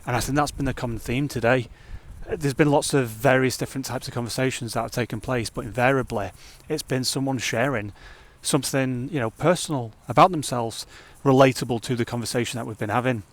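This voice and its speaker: A man talking casually to camera in a fitness vlog, energetic and rambling, reflecting openly on his days. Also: mid-range voice, a little fast, hardly any pauses. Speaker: fitness vlogger.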